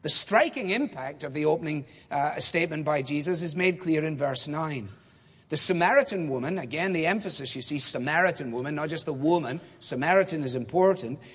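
A man preaching in a large church hall, his voice carrying a long reverb. He talks in a measured, emphatic way, pausing on rhetorical questions. His voice sits a little high for a man. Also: husky. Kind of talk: expository sermon.

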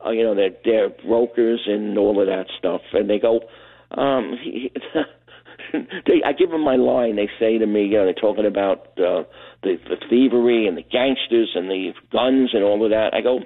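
A man's voice: lowish voice, normal speed. Older New man on a tinny phone line. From Brooklyn, New York. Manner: rambling, animated storyteller. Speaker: caller. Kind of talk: phone-in storytelling.

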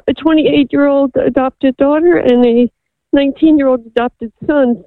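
A woman's voice: sits high, steady tone, moderate pace, no room sound. A middle-aged woman calling in to a radio show from California, speaking in a hesitant, emotional way. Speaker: caller. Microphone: phone. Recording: phone line.

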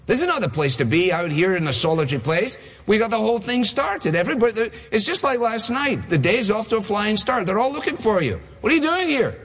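A preacher putting on an eager, pushy disciple. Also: male voice, big pitch swings, brisk, hardly any pauses, fairly bright tone, breathy edge, in a large hall, heavily acted. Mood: excited, urgent. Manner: high-pitched urgent nagging.

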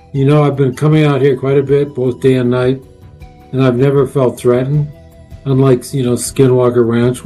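A man's voice: mid-range voice, dark tone. A man, a guest researcher and author, telling a long story in a casual interview, with many fillers and restarts.

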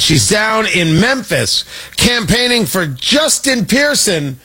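A man riffs on the day's news as a talk-show host, sarcastic and mocking, often stopping to restart his thought. His husky voice sits high and swoops with a lively pitch. It has a bright, forceful edge. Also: unhurried. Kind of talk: opinionated talk-show commentary.

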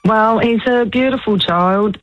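A woman's voice: on the high side, a little slow, dry recording. An Australian woman calling a radio show as a proud, emotional mother. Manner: warm, emotional, laughs softly. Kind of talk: radio phone-in. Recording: dull dry phone line.

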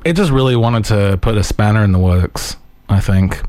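A man's voice: fairly low pitch, expressive, moderate pace, a little mellow, no echo. A man hosting a late-night radio show, chatting casually and rambling with many ums and self-deprecating asides. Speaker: radio host. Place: radio studio.

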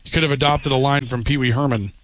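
A man's voice: mid-range voice, steady tone, fast talker, fairly bright tone. A man hosting a talk radio show, giving blunt, opinionated takes and reading out listener texts. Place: radio studio. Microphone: studio microphone.

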